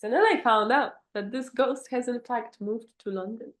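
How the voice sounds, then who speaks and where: A young woman co-hosting a podcast, telling a dating story with dramatic pauses in casual chat. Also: on the high side. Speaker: podcast co-host. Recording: roomy echo.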